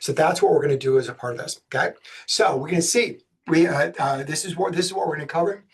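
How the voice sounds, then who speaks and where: Fast-talking husky man presenting. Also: fairly high pitch. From Southern United States. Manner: fast-talking, energetic, jokey asides. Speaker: special education law presenter. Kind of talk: webinar presentation.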